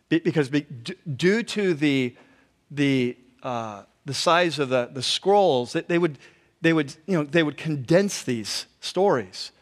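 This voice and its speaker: A man preaching a conversational sermon as a pastor, telling the story in an animated way and acting out the quotes. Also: fairly high pitch. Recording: long hall reverb.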